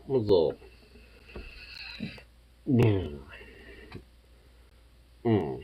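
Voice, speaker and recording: A man's voice: low voice, unhurried, pauses often, a bit bright, highs cut off, a little hiss or hum. A man chatting casually, swearing freely and cooing at his pet in baby talk. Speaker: streamer. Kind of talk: casual chat while reading online posts and talking to a pet.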